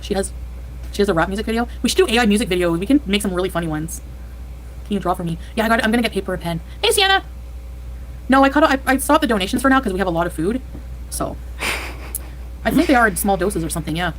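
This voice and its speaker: An excitable woman host chatting casually on a livestream and reading out donor names. Her voice sits mid-range, with faint ambience behind her. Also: medium pitch, rapid-fire, a little hiss or hum. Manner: excitable, squeals thanks to donors.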